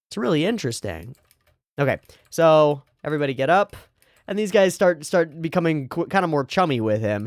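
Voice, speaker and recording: A man talks through an anime episode in loose, casual commentary, reading out bits of dialogue and thinking aloud. His pitch swings widely as he gets into it. The sound is close and dry, with no room around it. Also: normal speed, no room sound. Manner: animated, quotes dialogue and muses aloud, swears casually. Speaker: anime reaction host.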